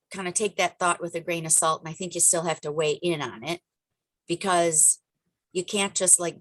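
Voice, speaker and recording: A woman hosting a group video call, giving an energetic, emphatic motivational coaching talk full of chatty asides. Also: sits low, no echo.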